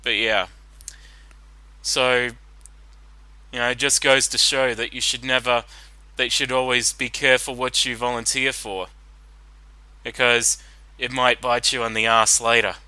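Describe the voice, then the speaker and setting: A man talks through a cartoon episode in a loose, rambling way, slow and unhurried. His voice is bright and forceful, close and dry on the mic, with faint music under it. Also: mid-range voice, flat delivery, clear, resonant tone, no room sound, poor audio. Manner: casual, rambling, many fillers. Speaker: commentator. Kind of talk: blind reaction commentary.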